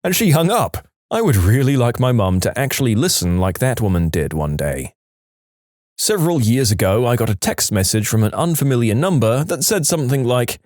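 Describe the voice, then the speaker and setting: A man's voice: mid-range voice, no echo. Guy reading reddit stories, bouncy voice that jumps around a lot, super dry close mic. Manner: lively storyteller, playing the callers in quick shifts. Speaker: story narrator.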